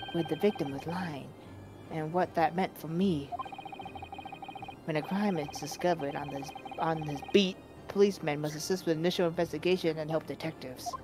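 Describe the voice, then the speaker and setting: Fan-dub: woman as a remorseful young constable, slightly low, halting. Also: over music, natural voice. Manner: halting, stammering confession. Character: grieving young male police constable.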